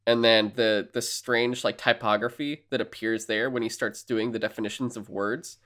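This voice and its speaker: At a normal pace and in a mid-range voice, a man chatting on a podcast he co-hosts recounts a movie's story. Lively and full of filler words, he throws in playful asides and performs the lines he quotes.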